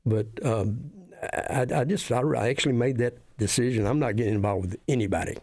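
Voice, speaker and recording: A middle-aged man and interview guest, speaking in a halting way that often repeats words as he starts sentences. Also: medium pitch, a little mellow, no echo. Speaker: wrestling referee, guest. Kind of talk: casual interview.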